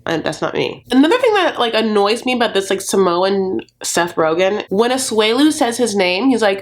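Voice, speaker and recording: A woman's voice: mid-range voice, animated, normal speed. A woman dishes on a reality show in a sassy, campy way and calls her viewers "honey" all the time. She slips into little put-on voices to act out what people said. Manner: acts out quotes in put-on voices. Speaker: reality TV recap commentator. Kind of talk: casual commentary.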